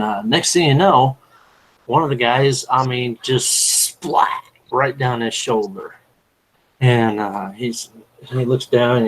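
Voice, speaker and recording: A man tells a drawn-out story at an easy, meandering pace. His voice sits in an ordinary middle pitch, and he keeps stopping to drop in "you know" before pushing on. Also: rough recording. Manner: rambling, fills with "you know". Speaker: panel guest. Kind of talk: casual storytelling.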